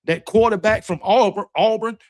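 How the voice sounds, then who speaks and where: A man with a Southern drawl talks in a fairly high voice, rambling and trash-talking at an easy, loose pace. It is casual livestream chat, recorded close on a dry mic with no room sound. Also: normal speed, a little mellow, no room sound. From Alabama, US. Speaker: host of a fan livestream show. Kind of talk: casual livestream chat, reading super chats.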